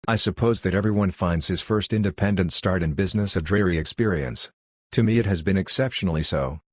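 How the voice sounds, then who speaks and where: Male audiobook narrator, deep and measured, dry recording. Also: husky, no echo. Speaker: audiobook reader. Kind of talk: first-person scripted narration.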